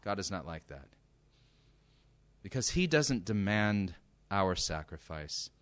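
A man's voice: low-pitched, sing-song, slow, a bit bright. A man preaching a sermon, emphatic and direct, often asking his listeners rhetorical questions.

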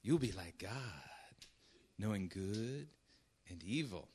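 A man voicing a sly male serpent who tells smooth lies in a soft, syrupy, hushed tone. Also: lowish voice, lively intonation, slow pace, a little hiss or hum, pitched below the performer's own voice. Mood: syrupy coaxing.

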